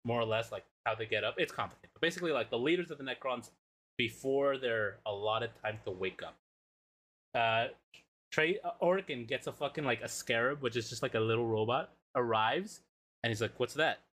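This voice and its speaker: Talking a little fast at a medium pitch, this man co-hosts a podcast and spins a funny story in a casual way. He gets animated, curses freely, and performs the dialogue himself.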